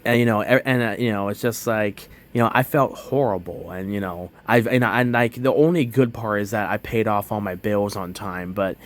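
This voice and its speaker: A man's voice: lowish voice, normal speed, hardly any pauses. A young man telling a long personal story in a casual, rambling way, full of fillers and restarts. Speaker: vlogger.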